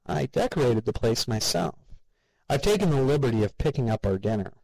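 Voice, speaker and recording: A man voicing a weary, appalled young man who talks low, quietly and flatly. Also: fairly quick, gravelly, no echo, rough recording. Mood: forced politeness.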